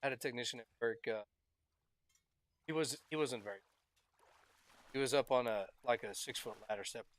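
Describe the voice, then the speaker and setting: A man's voice: mid-range voice, moderate pace, pauses often, dry recording. A man chatting casually while playing a fishing game, telling laid-back, rambling work stories and laughing often into a headset mic. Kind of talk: casual chat while gaming.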